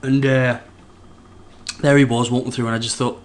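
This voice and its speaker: A man's voice: medium pitch, flat delivery, moderate pace. A man, a podcast co-host telling a rambling story with frequent restarts. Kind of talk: casual anecdote telling.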